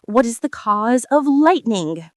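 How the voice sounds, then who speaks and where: A woman's voice: a little high, lively intonation, slow pace, darkish tone, no echo, clean studio sound. A woman voicing an anxious, muddled queen who rambles nervously. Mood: fretful.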